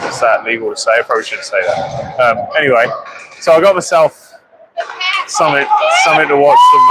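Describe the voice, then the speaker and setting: Chatty man calling hockey over loud rink noise. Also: mid-range voice. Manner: rambling, self-deprecating, excitable on goals. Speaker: hockey commentator. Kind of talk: live play-by-play commentary with chatty asides. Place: ice hockey arena. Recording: loud arena noise behind the voice.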